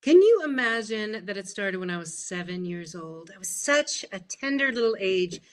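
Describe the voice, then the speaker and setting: A woman in her fifties, an interview guest, telling childhood stories in an animated way and acting out the voices in them. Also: medium pitch, moderate pace. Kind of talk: storytelling interview.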